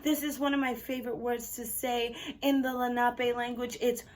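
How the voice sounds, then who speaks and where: A woman teaching young children in a playful, animated way, with many excited exclamations. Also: on the high side, moderate pace, distant mic. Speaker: arts camp teacher. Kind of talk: children's lesson with pretend play.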